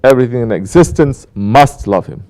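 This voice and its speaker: A man's voice: medium pitch, lively intonation, fairly quick, a little mellow. Man preaching with pointed rhetorical questions. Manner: rhetorical questions, emphatic, mocking quoted apologies. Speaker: Sufi teacher. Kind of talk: sermon.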